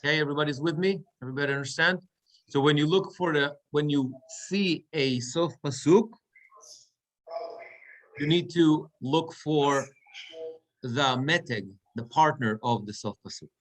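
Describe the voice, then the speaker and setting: A man's voice: fairly high pitch, moderate pace. Man teaching Torah reading. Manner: patient, explains step by step, checks students follow. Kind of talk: class instruction. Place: synagogue classroom or online class.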